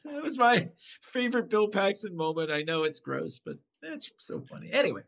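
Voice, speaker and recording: Gravelly, lively man in rambling chat. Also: high voice, moderate pace. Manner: rambling, animated retelling with frequent laughter. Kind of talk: casual chat recapping an episode. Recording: slightly dull lo-fi sound.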